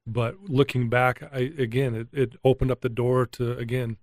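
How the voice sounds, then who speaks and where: In a frank storytelling interview, a middle-aged man who works as an addiction recovery coach relives a turning point in his life, earnest and full of feeling. His mid-pitched voice moves at a moderate pace, captured close and dry without any room sound.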